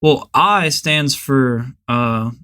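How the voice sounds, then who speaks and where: A man's voice: medium pitch, very slow, sharp tone, clean tone. A man hosting a podcast, chatting casually in a rambling, hesitant way. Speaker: podcast host.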